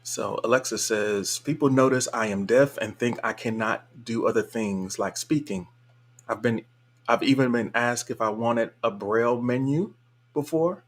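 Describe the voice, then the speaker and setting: A man's voice: medium pitch, a little slow. Laid-back man hosting a live stream. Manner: laid-back, chuckles often, colloquial. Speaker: livestream host. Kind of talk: casual live-stream chat reading comments.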